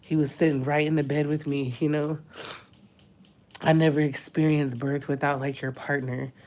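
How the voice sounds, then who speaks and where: A woman's voice: low-pitched, flat delivery, moderate pace, darkish tone. A woman, crying as she talks openly in a personal vlog from a hospital room. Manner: tearful, talks through crying. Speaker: vlogger.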